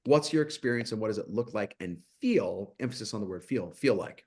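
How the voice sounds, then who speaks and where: A man speaking as a mental health guest in a webinar discussion, animated and full of rhetorical questions. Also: lowish voice, quick pace, husky.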